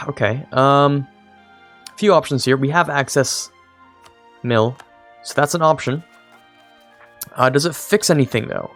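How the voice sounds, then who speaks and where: Gravelly rambling young gaming streamer. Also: male voice, mid-range voice, unhurried, long pauses, a bit bright, soft background music. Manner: rambling, self-mocking, talks to game units. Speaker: streamer playing a strategy game. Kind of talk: casual gameplay commentary.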